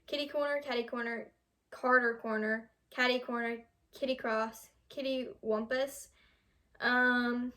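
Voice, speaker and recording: Young american woman, kinda high voice, reading quiz stuff casually, trips on words sometimes. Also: steady tone, measured pace, sharp tone. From United States. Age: young adult. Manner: reads questions aloud, stumbles over words. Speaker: vlogger.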